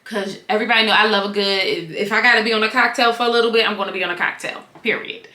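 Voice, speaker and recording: A woman giving a casual, slangy reality TV and wig review, animated and prone to wandering tangents. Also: mid-range voice, rapid-fire, reverberant.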